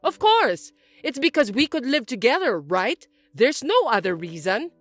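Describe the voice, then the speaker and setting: A bossy older mother-in-law, voiced by a woman reading the story, talks in a high, lively, swooping voice. She sounds indignant and self-pitying. Soft music plays faintly underneath. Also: normal speed. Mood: shocked. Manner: indignant, accusing, whiny.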